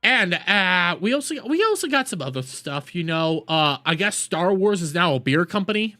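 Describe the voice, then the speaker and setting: A man's voice: high-pitched, sing-song, normal speed, soft background music. Ranting, profane male streamer. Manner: loud profane ranting, repeats himself. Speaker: streamer host. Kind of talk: ranting live stream commentary.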